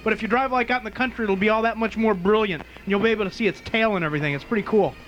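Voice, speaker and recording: Man, radio talk show host, joking, teasing, high voice, quick talker. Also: fairly bright tone, dull audio. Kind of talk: late-night call-in radio banter.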